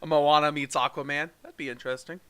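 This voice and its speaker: A man's voice: fairly high pitch, flat delivery, fast talker, bright, forceful tone, smooth. A man co-hosting a casual live-streamed review show, chatting loosely and laughing between lines. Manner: chatty, laughs often, rambling sign-off. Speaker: podcast co-host. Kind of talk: casual chat.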